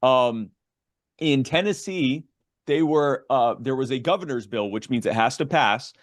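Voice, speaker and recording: A man's voice: medium pitch, unhurried, no echo, studio quality. A man, forty or older, speaking as an advocacy guest in an interview, explaining a bill earnestly with many fillers and restarts. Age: 40s or older.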